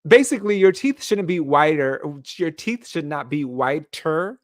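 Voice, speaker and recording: A man co-hosting a podcast in casual chat, animated and laughing as he hands out cheeky advice. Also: on the high side, unhurried, dry recording, studio quality. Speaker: podcast co-host.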